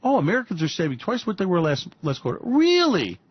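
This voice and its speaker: A man's voice: a little high, big pitch swings, very fast, husky, no room sound, highs cut off. A man hosting financial commentary, ranting with sarcastic, mocking and profane remarks about economic policy.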